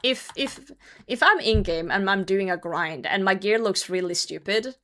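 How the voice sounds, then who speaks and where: A woman's voice: mid-range voice, lively intonation, normal speed, sharp tone. A woman streamer chatting casually with her viewers while she plays, laughing often and swearing lightly. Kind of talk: casual livestream chat while gaming.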